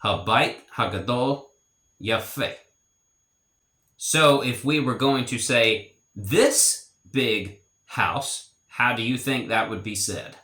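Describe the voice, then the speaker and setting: Slow, deliberate man teaching a lesson. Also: medium pitch, bright, forceful tone, reverberant. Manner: slow, deliberate, repeats example phrases. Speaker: language teacher. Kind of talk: explanatory language lesson.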